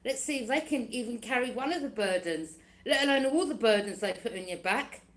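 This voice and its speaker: A woman's voice: fairly high pitch, animated, a little fast. Chatty tarot-reading woman. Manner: chatty, laughing often, acts out other people's lines. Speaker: tarot reader. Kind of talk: casual tarot reading to camera.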